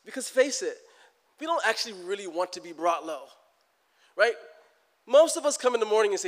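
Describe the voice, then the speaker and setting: A middle-aged man preaching a sermon in a church, animated and getting loud for emphasis, acting out people's prayers. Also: high-pitched, a little fast, pauses often, in a large hall. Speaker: pastor.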